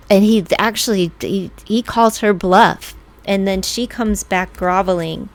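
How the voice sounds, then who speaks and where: Female tarot reader, casual and chatty, unhurried delivery, mid pitch. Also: steady tone. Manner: chatty, laughs often, acts out quoted lines; slow, drawn-out talk.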